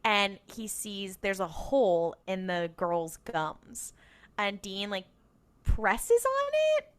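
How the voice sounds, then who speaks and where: A woman's voice: mid-range voice, very animated, takes it slowly, a bit bright, smooth. A woman co-hosting a casual rewatch podcast, retelling an episode and acting out the characters' lines with laughter. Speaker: podcast co-host.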